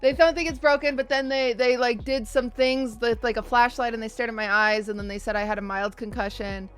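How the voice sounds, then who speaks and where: A young woman streamer telling her chat a story in a casual, animated way, often restarting and repeating words. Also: on the high side, a little fast, soft background music.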